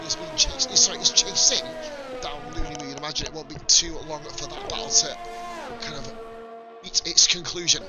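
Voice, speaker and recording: A man gives casual, foul-mouthed commentary on a sim racing league race. His voice sits high and leaps all over the place as he rants at drivers. Game music runs loudly underneath. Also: very animated, fairly quick. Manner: sweary, blunt, ranting.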